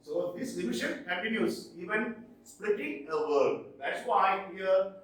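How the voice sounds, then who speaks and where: A man teaching English poetry in a classroom lecture, speaking slowly and deliberately and tapping out stressed and unstressed syllables. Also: sits high, expressive, a bit bright, distant mic. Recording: very echoey room, voice off-mic.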